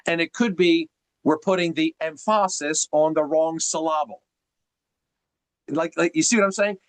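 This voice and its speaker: A man's voice: on the high side, normal speed, no room sound, rough recording. A man coaching on a group video call, teacherly and emphatic, firing off rhetorical questions. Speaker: sales coach.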